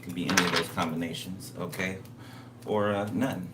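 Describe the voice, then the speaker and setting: A man's voice: sits low, fairly even intonation, normal speed, reverberant, recorded from a distance, heavy background noise. A man giving a casual spiritual reading. He talks bluntly and emphatically, repeats himself, and swears freely. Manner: blunt, repetitive, profane. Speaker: tarot reader.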